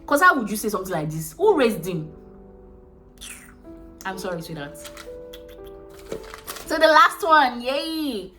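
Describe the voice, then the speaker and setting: A woman's voice: on the high side, sing-song, measured pace, pauses often, bright, forceful tone, faint music behind. A woman with a Nigerian accent vlogging to camera, consoling viewers in a frank, caring way and calling them sweetheart. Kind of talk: casual talk to camera.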